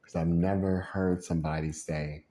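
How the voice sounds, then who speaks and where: With a deep voice at a moderate pace, a frustrated man rambles through a casual rant. He's animated, mimics the voices he quotes, and laughs frequently.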